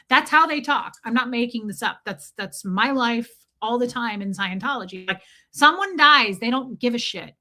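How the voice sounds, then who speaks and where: Woman streamer telling a story, bright sharp voice a bit high, swears a lot, shouts out viewers mid-story. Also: lively intonation, moderate pace, few pauses. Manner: blunt, profane, reads viewer names aloud mid-story. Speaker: livestream host. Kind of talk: casual storytelling livestream. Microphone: streaming setup mic.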